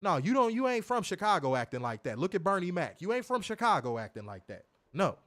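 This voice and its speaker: On a wrestling review show, this co-host talks fairly quickly with a high pitch. The commentary is casual and profane; he swears freely, mimics voices, laughs loudly, and stays animated.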